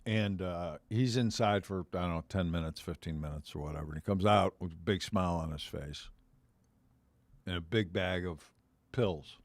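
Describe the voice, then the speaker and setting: A man's voice: sits low, moderate pace, dry recording. A man around seventy, hosting a podcast, telling a long personal story in a casual, rambling way that repeats phrases and circles back. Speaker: podcast host.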